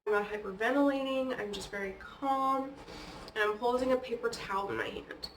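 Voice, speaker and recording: A woman's voice: a little high, expressive, fairly quick, slight background noise. A woman vlogger telling personal stories in a casual, chatty way, often dropping "like" and "okay?". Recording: echoey room, distant from the mic.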